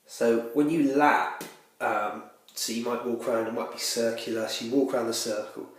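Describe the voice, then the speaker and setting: A man with a cold giving self-assured, rambling dating tips in a deadpan spoof style, a little out of breath. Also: mid-range voice, normal speed. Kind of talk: deadpan spoof advice video. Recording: very echoey room.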